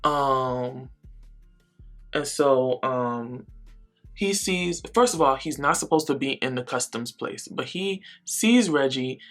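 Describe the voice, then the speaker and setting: A woman in her thirties chatting through a casual storytime while getting ready, heavy on "like" and "um", jumping her voice up high to act out what people said. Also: takes it slowly, faint music behind. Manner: chatty, animated, acts out quoted voices with big pitch jumps; filler-heavy, lots of "like" and "um". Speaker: beauty vlogger.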